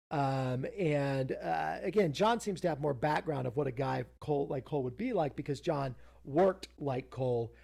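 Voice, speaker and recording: A man's voice: a little high, expressive, normal speed, creaky, hardly any pauses, a little mellow. A man co-hosting a podcast, recapping a TV episode in a casual, rambling way, full of fillers and self-interruptions. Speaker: podcast co-host.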